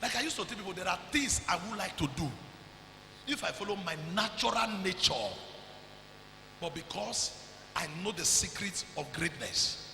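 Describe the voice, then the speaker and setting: A Nigerian preacher delivers a fervent sermon, his high, swooping voice leaping into sudden shouts. His tone is bright and piercing with a gravelly edge, and it rings out through an echoey church hall with a long tail of reverb. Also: animated, moderate pace, slight background noise. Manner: fervent preaching, bursts into shouts, mixes in pidgin. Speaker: pastor.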